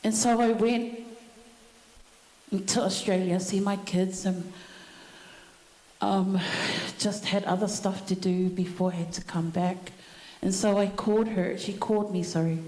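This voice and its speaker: A middle-aged woman giving a personal eulogy at a family funeral service, telling her story slowly with many pauses. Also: medium pitch, steady tone, warm tone. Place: church hall. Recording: echoey church hall.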